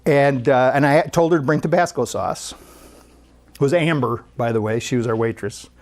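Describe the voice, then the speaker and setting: A speaker at a spiritual center, telling a story during a sermon in a conversational, animated way. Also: mid-range voice, moderate pace.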